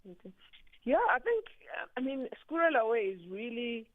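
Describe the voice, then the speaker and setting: A woman's voice: a little high, normal speed, dry recording. Passionate woman guest on a tinny phone line. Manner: animated, passionate, many fillers. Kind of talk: phone interview.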